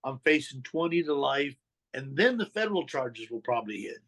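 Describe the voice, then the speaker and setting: Telling his life story as a podcast guest, a middle-aged man speaks fairly quickly in a mid-range, sing-song, slightly bright voice. He's candid and blunt, using street slang, swearing, and acting out quoted dialogue, though the audio is poor.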